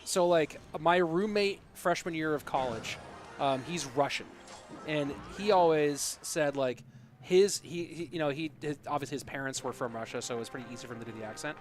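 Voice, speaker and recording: A young American man casting an esports match live, chatting with viewers in a rambling way with lots of fillers, then breaking into loud, excited play-by-play. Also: on the high side, normal speed, faint music behind. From United States. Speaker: esports caster. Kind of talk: livestream commentary and chat.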